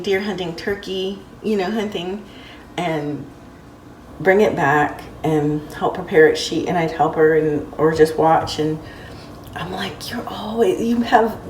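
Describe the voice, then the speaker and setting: A woman talking through a casual vlog, heartfelt and rambling with lots of fillers. Her voice sits a little low and comes from some way off the mic. The room is echoey, with faint ambience behind her. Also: darkish tone, recorded from a distance, a little hiss or hum. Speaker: vlogger.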